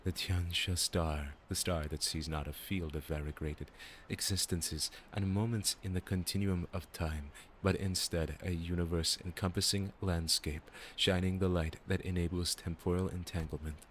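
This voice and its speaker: Deep-voiced man reading game dialogue dramatically. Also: steady tone, normal speed, hardly any pauses, a little hiss or hum.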